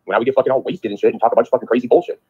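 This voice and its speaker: A man speaks very fast in a middle-pitched, raspy voice. He swears constantly and circles back over his point. The sound is squeezed through a phone line. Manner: profane, rambling, animated. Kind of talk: casual rant on a live show. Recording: phone-line call audio.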